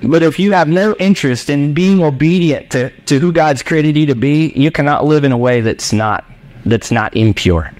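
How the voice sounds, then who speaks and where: A man preaching a sermon as pastor in a church, animated and jokey, acting out voices of his listeners. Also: on the high side, moderate pace.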